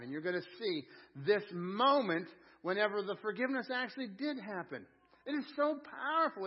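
A man's voice: high voice, husky. A man preaching a sermon as pastor, telling homely stories in an emphatic, colloquial way. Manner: folksy storytelling, emphatic, colloquial. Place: church sanctuary. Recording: dull lo-fi sound with long hall reverb.

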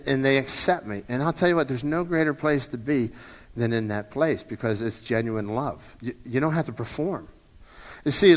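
A man's voice: medium pitch, a bit bright, big-room sound. A man in his fifties preaching a sermon as a pastor, in a conversational way that often repeats and restarts words. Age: 50s.

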